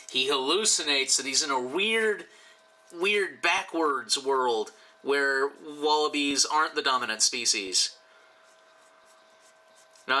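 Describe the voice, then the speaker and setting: A tipsy man rambles and cracks jokes, swearing now and then, as he draws commissioned pieces for his YouTube channel. He speaks at a medium pitch with a bright, forceful tone, captured on poor audio.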